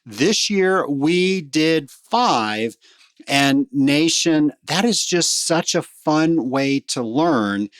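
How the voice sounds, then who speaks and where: A man's voice: a little high, lively intonation, very slow, dry recording. A middle-aged man hosting a podcast, telling stories in a chatty way and speaking straight to his listeners. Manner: chatty storyteller, warm asides to listeners. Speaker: podcast host. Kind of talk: casual podcast monologue.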